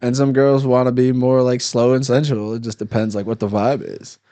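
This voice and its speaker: Comedian guest, male, mid-pitched, lively storyteller in loose chat. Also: moderate pace. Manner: animated storyteller, laughs often. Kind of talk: casual podcast chat. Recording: live stream, studio mic.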